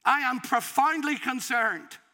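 A man preaching with a very high, forceful, bright voice, pleading and emotional. He delivers an impassioned sermon to his congregation in a church, pressing each point with emphasis. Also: unhurried, in a large hall. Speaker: pastor. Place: church in the city.

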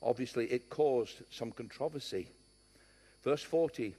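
A man's voice: high-pitched, very animated, normal speed. A middle-aged man with a West London accent preaching a sermon, emphatic and mixing in joking asides. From born in Scotland, raised partly in London. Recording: long reverb of a large hall.

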